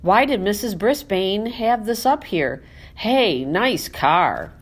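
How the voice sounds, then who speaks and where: A woman's voice: medium pitch, animated, slow pace. A woman voicing an easygoing adult male night janitor in a storybook reading, talking casually. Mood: curious.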